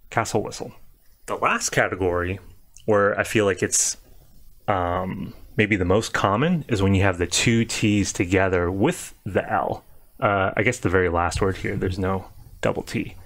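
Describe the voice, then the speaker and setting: Man, pronunciation teacher, somewhat low voice, casual and deliberate, drills words aloud. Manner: repeats example words slowly and deliberately. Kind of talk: casual spoken lesson.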